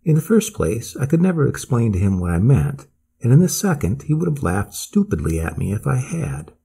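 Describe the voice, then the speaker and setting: A man narrating a classic story as an audiobook, measured and expressive, with a husky voice. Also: medium pitch.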